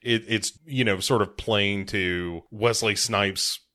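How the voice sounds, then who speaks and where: A man's voice: lowish voice, steady tone, slow, sharp tone. A man co-hosting a casual movie recap podcast, wry and acting out lines in mock voices. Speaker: podcast co-host.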